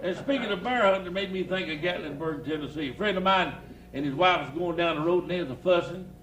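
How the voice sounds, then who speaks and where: A man's voice: sits high, quick pace, a bit bright. An older man telling comic stories to a live audience in a folksy drawl. He chuckles often and builds each tale to a punchline. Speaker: evangelist storyteller. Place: outdoor church campground stage. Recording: roomy live recording, faint noise.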